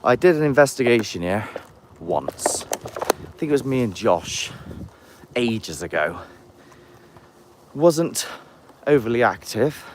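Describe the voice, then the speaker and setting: A paranormal investigator live-streams a walking vlog through woodland on a handheld phone, talking slowly in a medium-pitched, very animated voice. He's chatty and rambling with jokey asides, pausing often against a noisy background.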